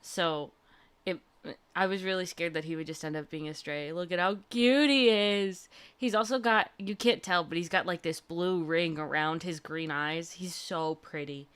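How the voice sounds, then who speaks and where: A woman's voice: on the low side, steady tone, moderate pace, a bit bright, clean tone. A young woman hosting a livestream, chatting casually and gushing through a personal story with lots of fillers. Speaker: livestream host.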